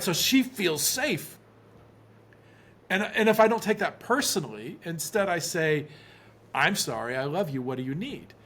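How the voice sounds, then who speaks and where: A man's voice: on the high side, a bit bright, slightly rough. A man, a relationship expert guest, telling a personal story earnestly in an interview. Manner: earnest, repeats words when starting.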